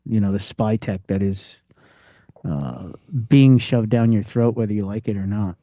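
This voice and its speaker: A man's voice: lowish voice, a little slow, mellow, dry recording. A man co-hosting a casual talk show, laid-back and mostly chiming in with short replies. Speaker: podcast co-host. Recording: dull lo-fi sound.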